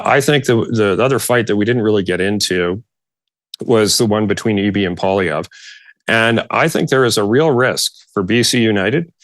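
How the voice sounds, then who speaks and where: A man talking politics on a casual panel podcast, halting and restarting often, laughing at himself. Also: lowish voice, fairly bright tone, no room sound.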